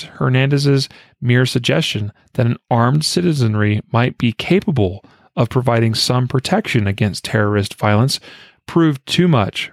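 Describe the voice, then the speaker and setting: Gravelly-voiced American man hosting a podcast. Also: medium pitch, dry recording, studio quality. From United States. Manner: reads quotes aloud with frequent fillers and restarts. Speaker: podcast host. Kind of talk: podcast news commentary.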